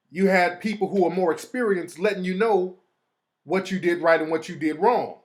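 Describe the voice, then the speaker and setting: A man's voice: high voice, moderate pace. A man hosting a show, talking casually in streetwise slang, mimicking other people as he makes his point. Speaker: host. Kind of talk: casual monologue.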